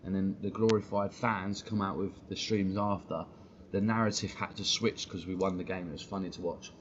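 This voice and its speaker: A blunt man ranting on a live stream, swearing and using street slang. His voice sits fairly low. The sound is muffled and lo-fi, with a faint hiss underneath. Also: steady tone, normal speed. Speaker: football fan streamer.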